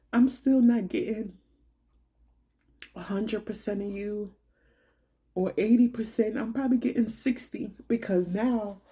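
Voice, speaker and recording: A young adult woman talks slowly and from the heart in a personal monologue. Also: medium pitch, warm tone, husky. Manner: slow, heartfelt, colloquial and conversational. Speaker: vlogger.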